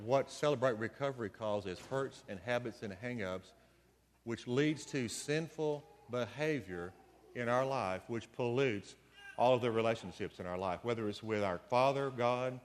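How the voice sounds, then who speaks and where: A man's voice: medium pitch, in a large hall. A man preaching a conversational sermon, with folksy storytelling asides. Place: church sanctuary.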